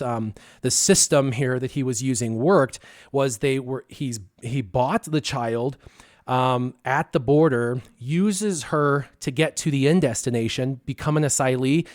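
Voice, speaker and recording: A man of middle pitch tells a personal story in casual stream chat. He talks loosely and acts out his own remembered lines. The recording is dry and close, with no room sound. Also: no room sound. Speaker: stream co-host.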